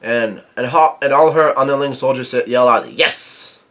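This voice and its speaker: Man, middle pitch, halting reader who recaps a comic chapter and reads the dialogue flatly. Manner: halting reading, quotes dialogue without acting it. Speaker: manga reviewer. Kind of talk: reading aloud and commenting on a comic chapter.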